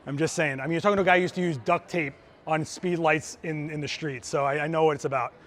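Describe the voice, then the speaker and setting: A male photographer leads a live hands-on demonstration. His voice sits a touch higher than most men's, and he explains things in an easygoing, excited way, talking his audience through each step like a friendly teacher. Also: quick pace, a little hiss or hum. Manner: casual, enthusiastic, chatty teacher. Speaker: photographer giving a gear demo. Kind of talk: live instructional demo. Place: trade show floor.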